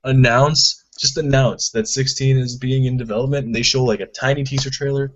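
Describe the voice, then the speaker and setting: A young man joking through a casual podcast chat, exaggerating and tripping over his words. His voice sits in a middle pitch. The audio is muffled and lo-fi, with a faint hiss behind him. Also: fairly even intonation, a little fast.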